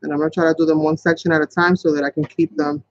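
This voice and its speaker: A chatty man with a fairly high voice leads a casual live craft tutorial, rambling along as he works. The sound is dull and lo-fi, and the voice comes through dry and close with little room around it. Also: big pitch swings, rapid-fire, gravelly, no room sound. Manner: chatty, rambling, talks to viewers as "you guys". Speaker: craft channel host.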